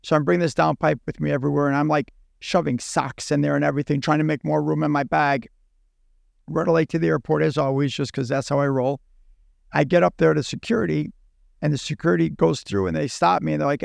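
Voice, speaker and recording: A man's voice: fairly high pitch, fast, gravelly, no room sound, studio quality. A man, a podcast guest, telling a long anecdote in casual chat and acting out both sides of the dialogue. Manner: animated, acts out dialogue in his own voice. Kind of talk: casual storytelling.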